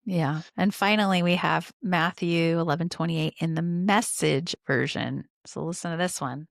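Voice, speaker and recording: A woman podcast host with a low, gravelly voice, talking casually with her co-host and reading passages in a slow, deliberate way. The sound is close and dry, with no room around it. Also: fairly even intonation, dry recording. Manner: reads passages slowly and deliberately.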